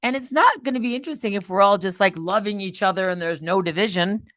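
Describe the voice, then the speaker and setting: A woman hosting her own channel, rambling in a casual monologue that swings between loud outbursts and quiet muttered asides. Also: medium pitch, fast talker, dry recording. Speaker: channel host.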